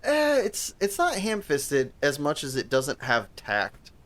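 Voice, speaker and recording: This co-host's voice sits a little high and is a bit bright, with huge swings in pitch and a slow pace. He's casually discussing a movie on his podcast, rambling, swearing often, and restarting again and again.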